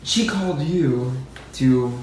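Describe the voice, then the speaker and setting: Slow-talking man interviewer, distant and roomy. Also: mid-range voice, a little mellow. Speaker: filmmaker, interviewer. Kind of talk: casual documentary interview. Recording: roomy, distant, noisy room sound.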